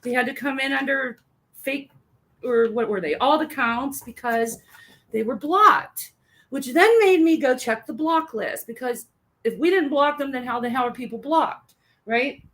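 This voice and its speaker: Woman livestream co-host, high voice, rambling, salty casual chat. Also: a little slow, fairly bright tone. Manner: chatty, rambling, swears freely.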